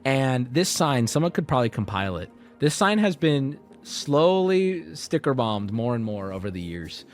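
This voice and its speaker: A man streaming, telling a story to his chat in a casual, animated way, jumping between loud outbursts and low mutters. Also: moderate pace, faint music behind.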